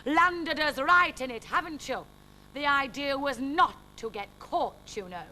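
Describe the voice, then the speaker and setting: A woman doing a rattled storybook villain, shrill. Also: expressive, unhurried, a little hiss or hum. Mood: agitated. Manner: exclaiming, high and loud. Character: scheming villainous man, weary and rattled.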